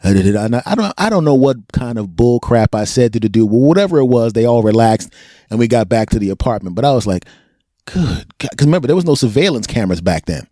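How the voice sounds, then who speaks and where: An American podcast host with a mid-range voice talks fast, telling stories in casual chat. He's animated, acting out quotes and laughing often, in a clean studio recording with no room sound.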